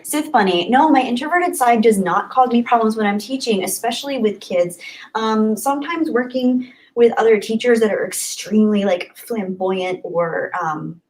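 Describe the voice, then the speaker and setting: Woman on a livestream, chatty and friendly, reading comments and thanking folks, kinda soft and trailing off. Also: fairly high pitch, moderate pace, rough recording. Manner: chatty and upbeat, thanking viewers by name. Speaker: livestream host. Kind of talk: casual live chat reading comments.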